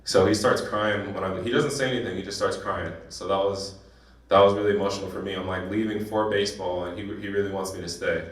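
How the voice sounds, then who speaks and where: A man's voice: sits low, fairly even intonation, recorded from a distance. Man speaking in an echoey hall. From San Diego, California. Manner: emotional, halting storytelling with restarts. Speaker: guest speaker. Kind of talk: personal speech at a banquet. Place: banquet hall.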